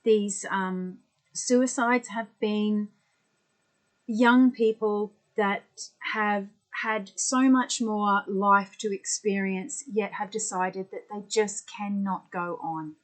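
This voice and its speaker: A woman leading a guided tapping session as an energy healer, speaking gently and soothingly with pauses. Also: mid-range voice, steady tone, rough recording.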